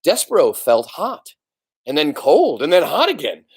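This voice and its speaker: A man reading a children's book aloud in an expressive storytelling voice. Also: fairly high pitch, moderate pace, breathy edge. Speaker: reader.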